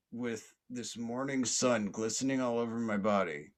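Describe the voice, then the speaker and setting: A man's voice: on the low side, moderate pace, few pauses. A man hosting a podcast, telling a long story in a casual, rambling way, with many fillers and restarts and plenty of swearing. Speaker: podcast host.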